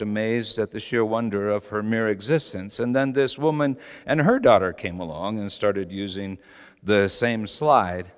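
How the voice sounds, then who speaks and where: A man's voice: lowish voice, smooth. Middle-aged male pastor, passionate storyteller, big swings; large church hall, long reverb. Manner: passionate, storytelling, rising to shouts. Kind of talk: sermon.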